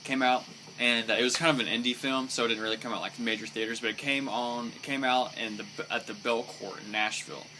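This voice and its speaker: A man's voice: medium pitch, steady tone, fast. Young man chatting over background hiss. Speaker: podcast guest. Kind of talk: casual chat. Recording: noticeable background noise.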